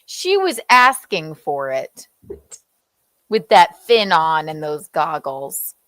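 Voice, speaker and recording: A young woman in casual podcast chat, unhurried and swinging widely in pitch as she teases and curses. Her voice sits dry and close with no room around it. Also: sing-song, a bit bright, no room sound. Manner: teasing and profane, acting out quoted voices. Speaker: podcast co-host.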